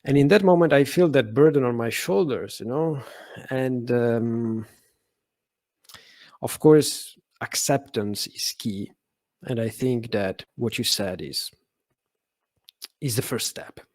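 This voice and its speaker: A man's voice: medium pitch, takes it slowly, long pauses, a little mellow, dry recording. Italian-accented man who stutters, dry sound. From Italy. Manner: stutters, with frequent fillers and repeated words. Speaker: podcast guest. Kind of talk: conversational interview.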